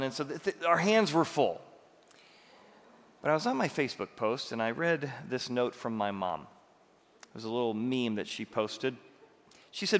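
A man in middle age delivers a sermon with the easy pace of someone telling a family story, mixing gentle humor with earnest points. His volume comes and goes, punching up some phrases and sinking low on others. The voice rings out in a big hall with a long, trailing echo. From Morton, Illinois, USA. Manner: conversational storytelling with light humor, lively swings in loudness. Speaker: pastor. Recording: long reverb of a large hall.

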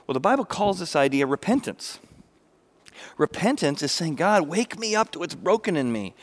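A man's voice: on the high side, moderate pace. A middle-aged man preaching a sermon, acting out the people in the story. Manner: animated, acts out biblical speakers with raised voice. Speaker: pastor.

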